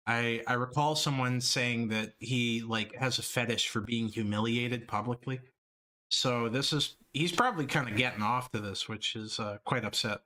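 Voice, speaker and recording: A man's voice: medium pitch, moderate pace, pushed and bright. A man streaming live, reacting to a video with blunt, laughing, mocking commentary.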